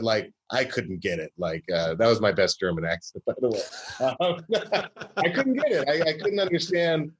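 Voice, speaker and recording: A man from Georgia, a comedy writer, telling stories in a casual interview with many fillers and restarts. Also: on the low side.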